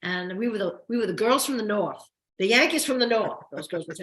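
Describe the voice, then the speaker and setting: An older woman from New Jersey with a New York–New Jersey accent, an actress telling stories in a casual interview, quick and chatty. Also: on the high side, lively intonation, fairly bright tone, reverberant, low-quality recording. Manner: fast, chatty storyteller. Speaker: guest, soap opera actress.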